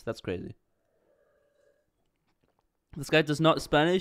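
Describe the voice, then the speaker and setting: A man's voice: fairly high pitch, expressive, a little slow, long pauses. A young man livestreaming a game, chatting in a goofy, rambling, self-mocking way with stammered restarts. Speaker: streamer. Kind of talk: casual game livestream chat. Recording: jazz music faintly behind.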